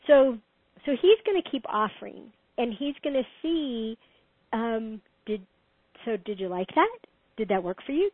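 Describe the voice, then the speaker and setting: A middle-aged woman talks through relationship advice with lively emphasis and frequent laughter. Her voice sits a little high for a woman. It comes through a tinny, phone-like line with a dry sound. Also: no room sound. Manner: animated, laughs often, emphatic advice-giving. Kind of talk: casual conversation.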